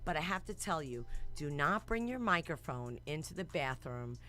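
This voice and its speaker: A woman hosts a casual radio talk show. She tells stories in a lively, slangy way and laughs often. Faint music plays under her voice. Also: deep voice, moderate pace. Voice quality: animated, laughing, slangy storyteller.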